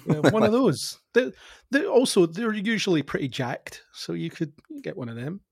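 A man's voice: fairly high pitch, big pitch swings, normal speed, creaky, husky, no echo, studio quality. A man talking as a guest on a film podcast, easygoing and laughing along. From United Kingdom. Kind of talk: casual film podcast chat.

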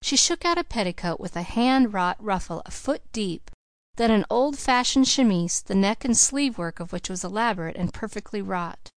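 Woman reading an old novel, steady, mid pitch, dry close sound. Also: moderate pace, no echo. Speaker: audiobook reader. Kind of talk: scripted narration of a classic novel.

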